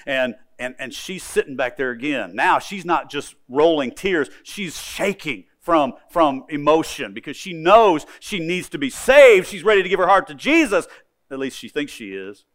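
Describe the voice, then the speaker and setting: A man's voice: fairly high pitch, very animated, moderate pace, a bit bright. Emphatic male preacher telling a story. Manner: emphatic storytelling, repeats words. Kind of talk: sermon.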